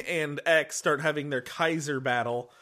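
Man excitedly recapping a film. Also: fairly high pitch, a little slow. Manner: animated plot recapping, laughs often. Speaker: podcast co-host. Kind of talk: casual chat.

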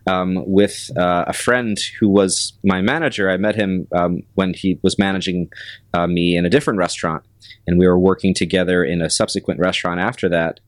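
A restaurant manager in his forties tells stories from his career. His voice sits very low. He speaks in a measured, unhurried way with frequent pauses and fillers, close to a dry microphone. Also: steady tone, no room sound. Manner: measured, many ums and pauses. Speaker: restaurant general manager, guest. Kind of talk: casual interview storytelling.

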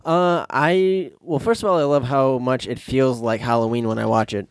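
A man's voice: medium pitch, fairly even intonation, normal speed, clean tone, dry recording, studio quality. A man on a casual movie podcast, talking in an easygoing, rambling way with fillers.

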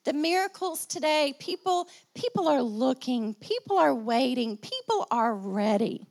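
A woman pastor with a high, light voice preaches to her congregation. She repeats phrases for emphasis and calls out for responses, and a slight cough sits in her throat. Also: big pitch swings, unhurried, vocal fry, darkish tone. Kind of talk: sermon.

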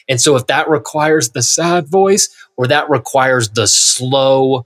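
A man's voice: medium pitch, slow pace, hardly any pauses, a bit bright. A man co-hosting a podcast, explaining his point earnestly in casual conversation. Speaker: podcast co-host. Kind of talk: casual chat.

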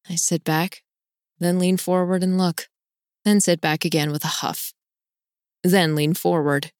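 A woman narrating a novel in the first person, reading expressively with sudden bright leaps of pitch. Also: little pitch movement, a little slow, pauses often, no room sound, clean studio sound. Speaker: audiobook narrator.

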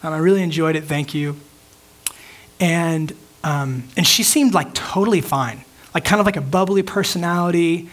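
Young guy pastor preaching, chatty and casual, says like a lot, slightly high voice. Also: moderate pace, fairly bright tone. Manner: casual, filler-heavy storytelling with frequent "like". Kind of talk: sermon with personal story.

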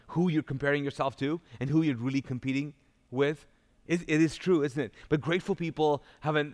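A male pastor giving a live sermon in a church, talking in a conversational storytelling way with restarts and asides. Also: fairly high pitch. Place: church auditorium. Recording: long church hall reverb.

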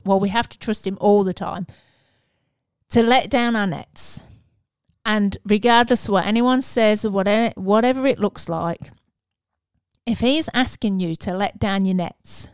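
A woman's voice: mid-range voice, smooth, no room sound. Earnest woman giving a casual sermon. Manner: earnest, conversational, with fillers and restarts. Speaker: preacher.

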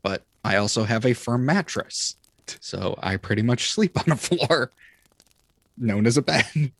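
A man's voice: mid-range voice, animated, measured pace, gravelly, dry recording. A young man co-hosting a podcast, chatting casually and rambling with many restarts. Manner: rambling, lots of fillers and restarts. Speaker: podcast co-host. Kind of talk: casual chat.

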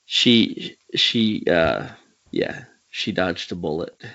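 A man's voice: deep voice, very animated, slow pace, vocal fry, bright, forceful tone, dull audio. A man with a Southern US accent hosting an interview, rambling and hesitant, laughing often. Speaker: podcast host. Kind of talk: casual interview chat.

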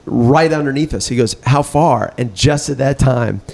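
Guy hosting a laid-back surf chat, gravelly voice, rambly storytelling. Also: medium pitch, normal speed. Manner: relaxed storytelling with laughs and restarts. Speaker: podcast host. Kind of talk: casual chat.

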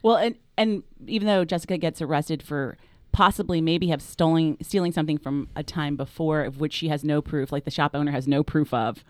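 A woman's voice: low-pitched, fairly quick, darkish tone, dry recording. A woman co-hosting a podcast, recapping a book plot in casual chat and acting out the characters' lines. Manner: chatty, acts out characters' lines. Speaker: podcast co-host.

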